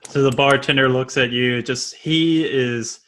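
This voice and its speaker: Bright-voiced man running a tabletop game. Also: mid-range voice, fairly even intonation. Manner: laughing, halting, loose narration. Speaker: dungeon master.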